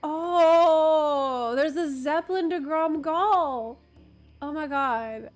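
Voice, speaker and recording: Woman streamer in her 30s, high voice, unhurried, laughs often and swears casually, faint game music underneath. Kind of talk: casual live-stream chat while gaming.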